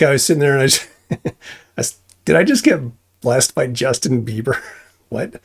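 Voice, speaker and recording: A man's voice: mid-range voice, darkish tone. A man giving an informal church testimony, earnest and rambling, often restarting his sentences.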